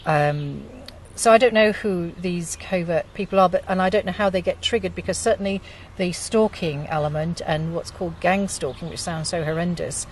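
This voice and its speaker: A woman hosting a group discussion, talking with many pauses and fillers. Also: lowish voice, recorded from a distance, a little hiss or hum. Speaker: group host.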